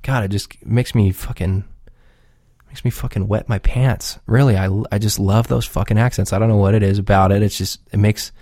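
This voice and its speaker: A man with a lowish, warm, mellow voice, rambling loosely and cursing often as he chats on his own show. His delivery is relaxed and unpolished, recorded close and dry with no room sound. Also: dry recording. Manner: profane, rambling, laid-back. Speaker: podcast regular. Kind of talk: casual rambling chat.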